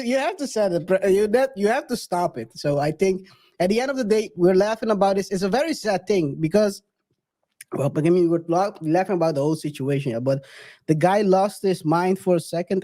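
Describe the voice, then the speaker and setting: A man's voice: high-pitched, animated, a little fast, mellow. A man co-hosting a casual discussion show, cutting in with laughing asides. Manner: interjecting, laughing asides, apologetic. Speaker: podcast co-host. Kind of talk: casual chat.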